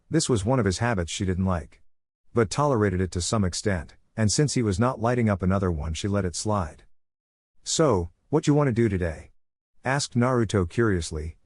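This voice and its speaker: Man, story narrator, low voice, dry close sound, steady reading. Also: dry recording. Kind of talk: fan fiction reading.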